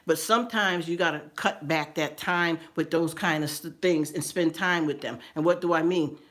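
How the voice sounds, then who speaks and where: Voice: medium pitch, moderate pace, a bit bright. A middle-aged livestream host talking casually and earnestly with viewers, stumbling over repeated words and calling people "honey". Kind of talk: casual livestream chat with viewer shout-outs.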